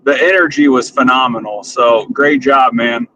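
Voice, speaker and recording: A man calling in while driving, giving a quick friendly sales rundown of his business. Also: medium pitch, sharp tone, lo-fi sound. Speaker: caller, business owner. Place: in a moving car. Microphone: phone or call from the car.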